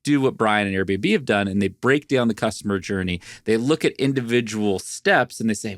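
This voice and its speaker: A man's voice: fairly low pitch, normal speed, hardly any pauses, dry recording, studio quality. A man co-hosting a marketing podcast, talking in a casual, emphatic and teasing way. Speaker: podcast co-host. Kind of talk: casual chat.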